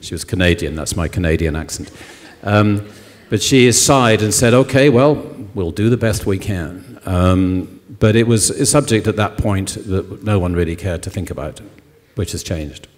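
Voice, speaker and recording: Male author, very low voice, reflective and hesitant; hall reverb. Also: moderate pace. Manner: thoughtful, hesitant with many ums. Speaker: novelist guest. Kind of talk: literary festival conversation. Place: concert hall on stage.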